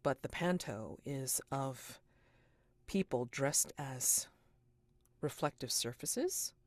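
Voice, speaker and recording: Game master, woman: slow, deliberate narration, hushes for suspense, dry close mic. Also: a bass voice, expressive, dry recording. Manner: deliberate, unhurried, dropping to a hush for suspense.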